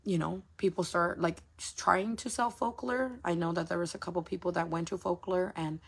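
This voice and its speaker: A woman's voice: on the low side, steady tone, a little fast, vocal fry, husky. A woman who runs a small business, venting frankly in a casual livestream, swearing freely and repeating herself for emphasis. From United States. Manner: frank and profane, repeats phrases.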